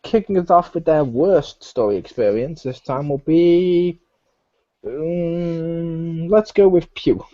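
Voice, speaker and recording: A man's voice: a little high, takes it slowly. A man hosting a casual gaming podcast, telling stories animatedly and acting out lines from games. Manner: animated storyteller, acts out game characters' lines. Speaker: podcast host. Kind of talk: casual chat. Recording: dull lo-fi home recording.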